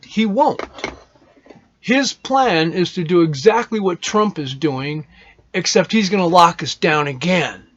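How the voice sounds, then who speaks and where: A man speaks in a fairly high voice, rambling and opinionated, swearing freely as he talks. His sentences trail off and restart, like a loose unscripted monologue. The recording sounds dull and lo-fi. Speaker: podcast host.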